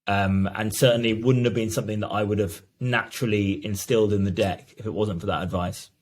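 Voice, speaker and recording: A man speaks as a founder in a business interview. His voice is fairly low. He explains things earnestly and often restarts his sentences. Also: steady tone, brisk, a little mellow. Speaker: brand founder guest.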